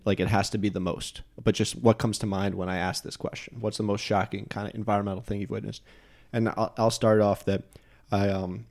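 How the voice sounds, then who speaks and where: A young man from New Jersey hosts a podcast in casual conversation, rambling and interrupting himself by repeating words as he restarts. His voice is fairly low and a little mellow.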